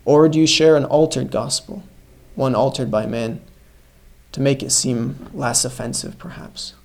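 A man's voice: medium pitch, unhurried, a little hiss or hum, rough recording. A man preaching a sermon, telling a story earnestly and emphatically, calling his listeners brothers and sisters. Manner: earnest, emphatic storytelling, swings between loud stresses and hushed lines.

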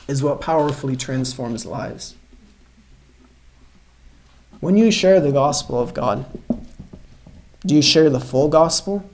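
A male preacher delivering a sermon in a mid-range voice. He tells his story earnestly, pressing hard on key words and then dropping almost to a hush. He talks straight to his congregation. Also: mid-range voice, rough recording. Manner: earnest, emphatic storytelling, swings between loud stresses and hushed lines; addresses listeners as brothers and sisters.

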